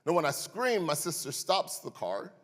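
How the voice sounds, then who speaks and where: A young adult man, a pastor, preaching a sermon and telling personal stories with an animated delivery and wry jokes for the congregation. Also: a little high, normal speed. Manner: animated, building to loud emphasis in stories; wry, joking asides to the congregation. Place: church sanctuary. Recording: echoey church hall.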